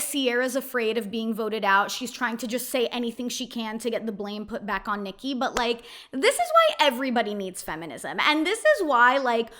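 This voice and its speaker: Chatty young woman with a bright voice. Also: a little high. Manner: chatty, opinionated, heavy use of "like". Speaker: reality TV recap host. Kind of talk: casual recap monologue.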